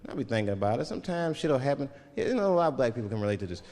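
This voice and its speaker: A man's voice: medium pitch, big pitch swings, rapid-fire, darkish tone. A man doing a stand-up comedy set with loose, profane storytelling and act-outs. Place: stage before a live audience. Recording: live club hall with laughing crowd.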